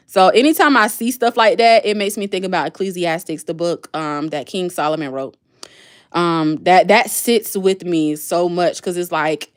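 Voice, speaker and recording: Woman, livestream host, casual chat, answers viewer comments, animated pitch. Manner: chatty, reads and answers comments aloud.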